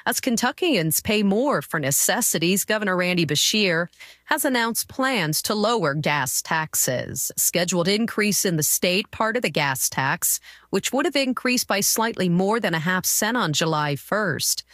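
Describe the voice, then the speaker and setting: A woman's voice: mid-range voice, animated, unhurried, a bit bright, dry recording, studio quality. Woman reading a radio news bulletin. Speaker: radio newsreader.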